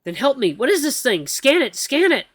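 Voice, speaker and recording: A man voicing a panicked, foul-mouthed young man held captive, yelling frantically. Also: very high voice, animated, quick pace, no echo, voice pushed up, exaggerated voice. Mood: frantic.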